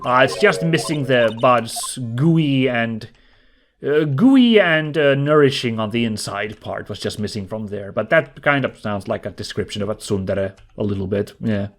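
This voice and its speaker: A man's voice: mid-range voice, lively intonation, normal speed, faint music behind. A man giving casual let's play commentary, reading game text aloud and adding chatty, amused asides.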